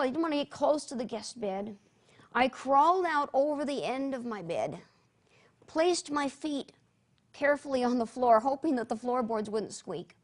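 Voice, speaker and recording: Woman, interview guest, high-pitched, earnest dramatic testimony, hushed at tender moments. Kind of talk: personal testimony storytelling.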